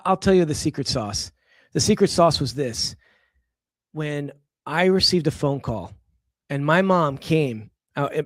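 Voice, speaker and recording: A man's voice: a little high, no echo, clean studio sound. A middle-aged man from Los Angeles, a podcast guest, telling a personal story with emphatic energy and frequent restarts. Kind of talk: casual storytelling.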